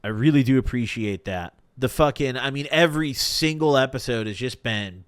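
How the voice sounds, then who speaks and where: A man's voice: medium pitch, moderate pace, clear, resonant tone, no echo, studio quality. A young man hosting a podcast live stream, telling stories in a casual, profane, slang-heavy way. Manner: profane, animated storytelling with slang. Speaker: podcast host.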